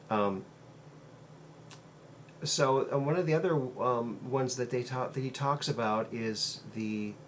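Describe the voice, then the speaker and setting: A man's voice: on the low side, a little hiss or hum. A man hosting his own show, retelling a story in a loose, meandering way with many ums and uhs. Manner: meandering, halting, frequent um and uh fillers. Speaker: host. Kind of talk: casual monologue retelling a story.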